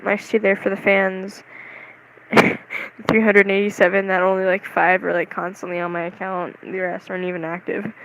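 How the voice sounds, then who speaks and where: A young vlogger chatting casually to the camera, rambling and excitable, with lots of "like"s and giggles. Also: medium pitch, normal speed, a little hiss or hum, low-quality recording. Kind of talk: casual vlog chat.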